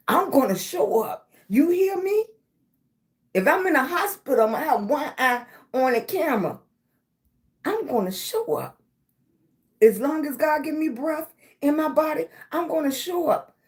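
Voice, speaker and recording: A middle-aged woman hosts a motivational livestream. She talks slowly and pushes each affirmation again and again, calling her viewers baby. Her voice sits a little high. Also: big pitch swings. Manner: emphatic, repetitive affirmations, calls viewers baby. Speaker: livestream host.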